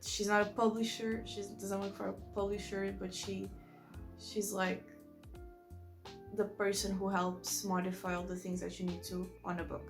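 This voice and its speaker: In a casual book review chat, a non-native English-speaking vlogger talks at a moderate pace in a level, mid-range voice over soft background music. She's rambling and enthusiastic, often correcting herself.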